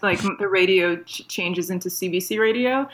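A woman's voice: lowish voice, normal speed, a bit bright, slight background noise. A woman from Toronto with a Canadian accent, a guest chatting casually and giggly in an interview, with lots of fillers.

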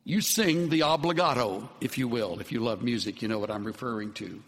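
A man preaching a sermon with an earnest, unhurried delivery that softens to tender, quiet passages. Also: medium pitch, in a large hall. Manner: slow, earnest preaching with soft, tender dips. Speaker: pastor.

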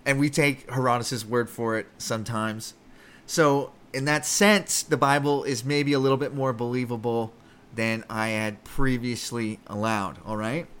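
A Canadian podcast host with a medium-pitched, somewhat bright voice offers casual, comedic takes on the Bible. His delivery is profane and rambling, full of self-interruptions and fresh starts.

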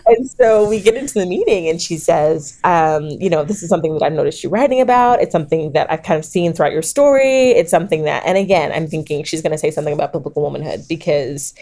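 A woman author in her thirties, telling her story in a lively interview, acting out quotes and laughing often. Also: deep voice, fast, hardly any pauses. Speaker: author and guest.

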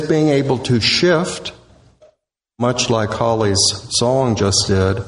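A male minister preaching a sermon in short, deliberate, measured phrases. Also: medium pitch. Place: church sanctuary. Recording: echoey hall with long reverb.

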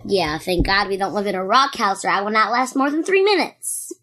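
An eleven-year-old girl chatting as a podcast guest, with lots of "like" fillers and a lively, chatty manner. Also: medium pitch, a little fast. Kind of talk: casual chat.

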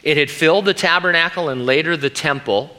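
A man's voice: fairly high pitch, a little fast, sharp tone. A middle-aged man who is a pastor, preaching an earnest, emphatic sermon.

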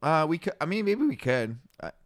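A man's voice: on the high side, brisk, no echo, studio quality. A man co-hosting a podcast, talking casually and rambling with lots of fillers. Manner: rambling with fillers, animated storytelling. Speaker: podcast co-host. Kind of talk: casual chat.

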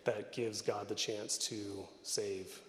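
A man's voice: fairly low pitch, flat delivery, slow pace, a bit bright, a little hiss or hum. Man preaching a candid, story-driven sermon. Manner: candid, storytelling, self-deprecating. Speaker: pastor. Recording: long reverb of a hall.

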